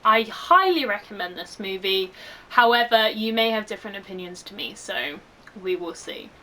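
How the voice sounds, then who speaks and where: A woman's voice: mid-range voice, normal speed. A young woman talking casually and animatedly, full of fillers, as she reviews a film for her channel. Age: young adult. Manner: gushing and animated.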